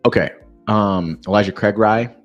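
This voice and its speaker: A man hosting a casual whiskey tasting call, joking and excitable as he chats. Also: on the low side, normal speed, muffled recording, soft background music. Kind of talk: casual chat.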